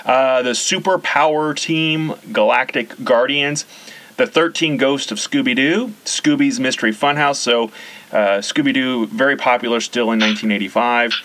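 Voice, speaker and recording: A man from the central United States hosts a relaxed conversation. He has a bright, clear-edged voice at a middle pitch. He rattles off long lists in an easy, chatty way. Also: normal speed, slight background noise. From US Central region. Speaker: podcast host. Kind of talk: casual nostalgic chat.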